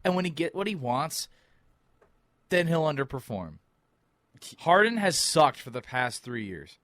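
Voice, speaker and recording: A man's voice: a little high, very animated, unhurried, fairly bright tone, no room sound. Ranting man on a sports podcast. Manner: ranting, exasperated, mimics players in quotes. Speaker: podcast co-host. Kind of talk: heated sports talk.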